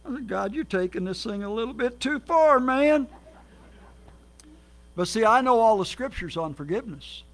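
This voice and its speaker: A man preaching as a guest, telling his life story with lively acted quotes and sudden swings between loud and soft. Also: extremely high pitch, normal speed. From Minnesota, United States. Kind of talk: sermon.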